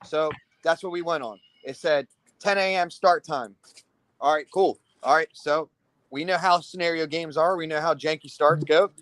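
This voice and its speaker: A man casually telling a paintball story on a podcast, animated and profane, asking "right?" again and again and acting out other people's lines. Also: on the high side, dry recording. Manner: acts out other people's lines in quick bursts. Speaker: paintball team commander.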